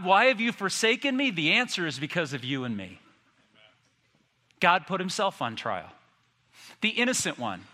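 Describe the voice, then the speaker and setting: A man preaching a sermon as a pastor, impassioned, his voice climbing to loud cries when he quotes a lament. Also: on the high side, long reverb tail.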